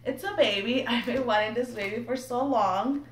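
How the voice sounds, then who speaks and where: A young woman chatting excitedly to camera while unboxing something at home, nervous and giggly. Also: a little high, moderate pace. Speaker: vlogger. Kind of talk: casual unboxing chat to camera. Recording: echoey room, mic a bit distant, faint background noise.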